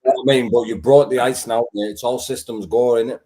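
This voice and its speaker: A man's voice: medium pitch, fairly even intonation, fast, warm tone. A British man interviewing a fighter, blunt and swearing freely, asking leading questions. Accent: British English. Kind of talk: casual interview chat.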